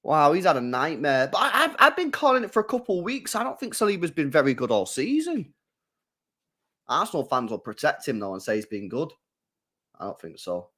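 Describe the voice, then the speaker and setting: A young man hosting a live football watchalong, reacting to the match, talking to his chat and bursting into shouts and laughter. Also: fairly high pitch, brisk. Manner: excitable, bursts into shouts and laughter, chats to viewers.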